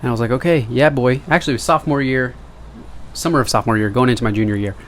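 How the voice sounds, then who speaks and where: A man's voice: mid-range voice, very fast, a little hiss or hum. Rambling joking young man on camera. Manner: jokey, self-deprecating, wandering asides. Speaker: vlogger. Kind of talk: rambling casual monologue to camera.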